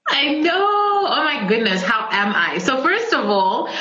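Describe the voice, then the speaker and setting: A woman's voice: on the high side, unhurried. Gushing woman podcast host on a call. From Zambia. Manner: gushing, animated, laughs often. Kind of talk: casual video-call chat. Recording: echoey room, dull lo-fi sound.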